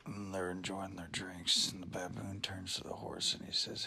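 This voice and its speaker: A man's voice: deep voice, little pitch movement, normal speed, vocal fry, few pauses, sharp tone. A man telling a made-up joke story in a rambling, offhand way. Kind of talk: improvised story narration. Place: at home.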